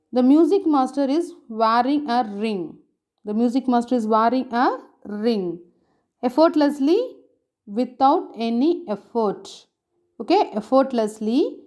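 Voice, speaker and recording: Slow, patient Indian English woman teacher. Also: a little high, darkish tone. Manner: slow, repeats each word and meaning for dictation. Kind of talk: online class reading and explaining a story.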